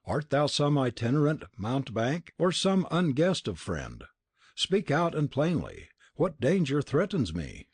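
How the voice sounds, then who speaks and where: A man's voice: fairly high pitch, very animated, measured pace, a little mellow, slightly rough, no room sound, pitched above the performer's own voice, full character voice. A man playing a haughty, scornful prince. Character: arrogant, scornful Italian prince, male adult. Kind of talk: audiobook character reading.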